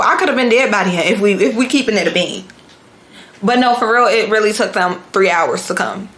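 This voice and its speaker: A young woman vlogger telling a story in a casual, animated way, full of slang and swearing. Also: medium pitch. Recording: echoey room.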